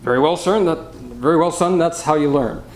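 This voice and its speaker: Male teacher doing a calm admiral, steady commands, plain voice. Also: on the high side, pitched above the performer's own voice, natural voice. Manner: calm and unhurried. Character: calm, composed older British admiral. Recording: roomy hall echo.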